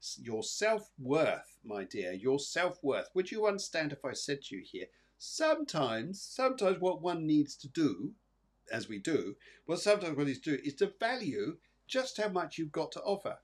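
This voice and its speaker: His voice is fairly high, very animated and edged with breathiness, at a normal pace: he's a psychic medium hosting a live show. Reassuring and calming, he names the viewers he reads for, rambling and repeating himself with lots of fillers and restarts.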